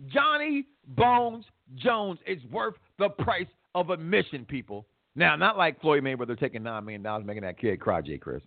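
Animated loud opinionated man, tinny audio. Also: a little high, normal speed, creaky, few pauses. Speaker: podcast host. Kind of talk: heated sports talk show banter.

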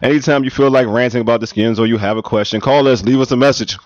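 A man's voice: mid-range voice, steady tone, fast, no echo. A man co-hosting a casual sports radio show, joking and laughing often. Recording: dull, lo-fi radio recording.

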